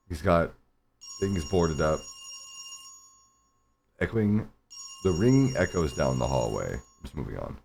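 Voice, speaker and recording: Gravelly guy doing let's play commentary. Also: very deep voice, sing-song, normal speed, long pauses, darkish tone, a little hiss or hum. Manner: casual and chatty, reads game text aloud. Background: game music.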